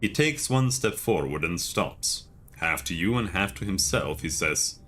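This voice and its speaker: A man streaming a video game, reading its text aloud in a steady, measured way with casual asides. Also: fairly low pitch, a little hiss or hum.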